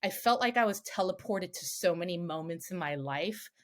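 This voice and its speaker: Give me a woman guest with a somewhat low voice, telling a story animatedly and swearing freely. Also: expressive, moderate pace. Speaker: podcast guest, self-defense coach. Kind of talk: casual storytelling.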